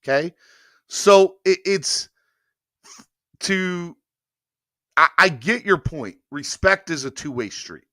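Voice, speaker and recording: A man in his thirties from rural North Carolina, hosting a casual sports podcast and telling stories with animated emphasis. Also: on the high side, slow pace, long pauses, no echo, studio quality. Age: 30s.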